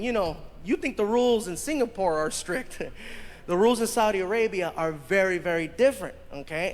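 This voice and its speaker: His voice sits high as this stand-up comedian animatedly tells a story live on stage, doing voices for the characters and laughing as he goes. The audio is the live show played back in a hall, audience noise included.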